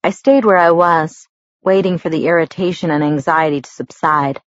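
A woman narrating a first-person novel as an audiobook, in a measured storytelling manner. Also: low voice, muffled recording, slight background noise.

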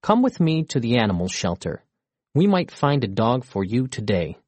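A kindly mother speaking softly to her son in a children's storybook, as a male reader gives her voice. The delivery is lively and full of melody, with a slightly husky edge, recorded close and dry. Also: medium pitch, moderate pace, no echo. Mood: gentle. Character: kind, gently teasing mother.

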